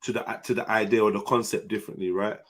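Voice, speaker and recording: A man hosting a casual group chat, teasing and laughing loudly. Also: fairly low pitch, fairly even intonation, fast. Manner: loud, teasing, laughs often. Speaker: host.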